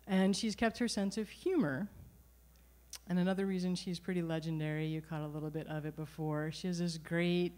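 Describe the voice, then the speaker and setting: A middle-aged woman telling a personal story at a live storytelling event, conversational and animated, with frequent restarts. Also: fairly low pitch, moderate pace. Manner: conversational, animated, self-correcting.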